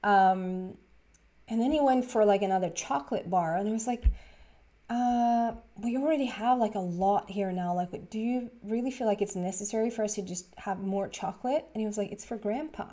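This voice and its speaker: Giggly woman, mellow voice. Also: mid-range voice, moderate pace. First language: Swedish. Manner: rambling and giggly, many fillers and restarts. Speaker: tarot reader. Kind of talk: casual storytelling to camera.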